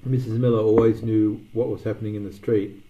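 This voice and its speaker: A man's voice: lowish voice, little pitch movement, a little fast, highs cut off, noisy background. A man narrating a story aloud, reading with occasional restarts and small slips.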